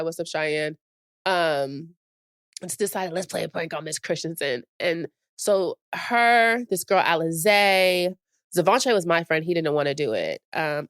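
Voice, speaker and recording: Low-pitched woman in her late twenties, podcast co-host, casual storyteller, dry close sound. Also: no echo. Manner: animated, acts out quotes with big pitch jumps and laughter.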